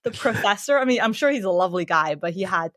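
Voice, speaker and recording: A woman's voice: mid-range voice, animated, fast talker, a bit bright, dry recording. Chatty young woman, close dry sound. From Canada. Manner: chatty, many fillers, laughs easily. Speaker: podcast guest. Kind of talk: casual interview answers.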